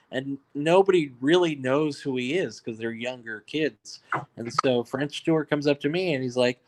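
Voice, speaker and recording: A filmmaker from New York tells loose, joking stories in a casual interview as a guest, laughing at his own punchlines. His voice sits in the mid-range and moves at a moderate pace.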